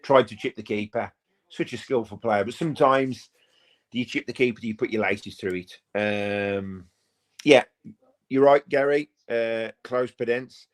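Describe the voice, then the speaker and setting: A man hosting a live football watch-along from home, chatting to viewers in a rambling way and breaking into quick play-by-play. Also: mid-range voice. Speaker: fan channel host.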